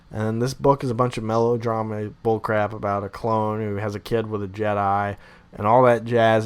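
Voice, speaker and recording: Ranting young male podcast host. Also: lowish voice. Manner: ranting, animated and opinionated. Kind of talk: casual chat.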